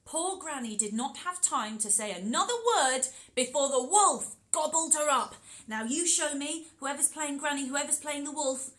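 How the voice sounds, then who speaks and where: A woman telling an interactive children's story, animated and encouraging, often talking straight to the children. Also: sits high, moderate pace, low-quality recording. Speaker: storyteller and workshop leader.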